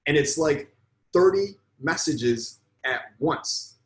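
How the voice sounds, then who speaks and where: A man's voice: mid-range voice, very animated, slow pace, pauses often, reverberant, poor audio. A man coaching on sales in a live online lesson, blunt and emphatic, swearing freely.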